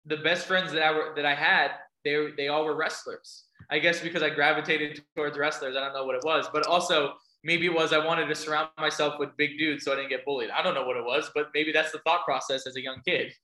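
Bright-voiced male motivational speaker. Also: fairly high pitch, fairly even intonation, brisk, few pauses, roomy sound, low-quality recording. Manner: storytelling, asks the audience questions. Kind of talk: speech to a live audience.

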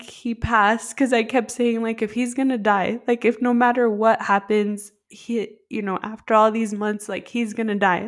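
A woman co-hosting a podcast, telling a personal story in a heartfelt, rambling way, full of "like" fillers. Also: mid-range voice. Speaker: podcast co-host.

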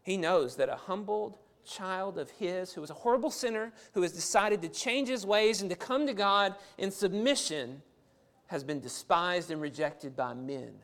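A man's voice: sits high, expressive, moderate pace, fairly bright tone. A man preaching a sermon in an earnest, emphatic manner, often repeating words as he builds his point.

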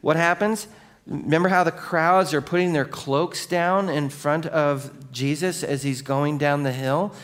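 A man preaching a sermon as a pastor, animated and full of questions to the congregation, dropping to a slow, quiet voice for solemn points. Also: a little high.

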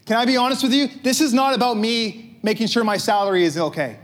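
A man's voice: very high voice, fast talker, fairly bright tone. A pastor preaching a conversational sermon, asking his listeners questions and joking with them.

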